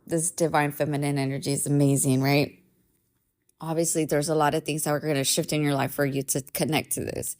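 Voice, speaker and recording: Low gravelly-voiced woman host. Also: darkish tone. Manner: candid and emphatic, swears, says "right?" often. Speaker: podcast host. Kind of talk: casual storytelling monologue.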